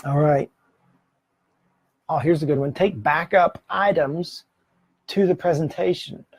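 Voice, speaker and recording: A man's voice: a little high, measured pace, slightly rough, no echo. A middle-aged man giving practical tips on presentations to a camera, in a casual, conversational way, often correcting himself mid-sentence. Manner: conversational, self-correcting, occasional laughs. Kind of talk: casual instructional talk to camera. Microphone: camera mic, speaking to camera.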